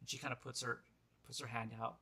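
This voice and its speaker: A man's voice: mid-range voice, level tone, fast talker, creaky, sharp tone. A man narrating as game master of a tabletop role-playing game, rambling with lots of "like" and "kinda".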